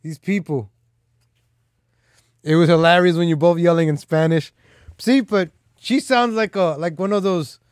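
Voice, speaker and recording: Rambling, slightly high-voiced male streamer. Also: unhurried, long pauses, dry recording, clean studio sound. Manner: loose, with frequent "like" and "man" fillers; teasing and boastful. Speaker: live stream host. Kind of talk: casual rambling commentary.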